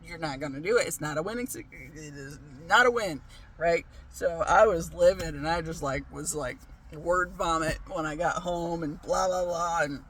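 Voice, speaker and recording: A man's voice: a little high, moderate pace, fairly bright tone, a little hiss or hum. A man telling a story in a casual vlog, ranting, swearing freely and laughing often. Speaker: vlogger.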